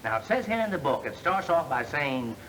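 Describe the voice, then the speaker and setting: A slick young salesman with a bright, lively voice that bounces all over. He talks glibly and cracks wise in old film-comedy style. His storytelling turns mock-solemn, and his voice sits a little high for a man. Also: a little fast, a little hiss or hum, poor audio. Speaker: fast-talking salesman. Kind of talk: 1930s film comedy acting.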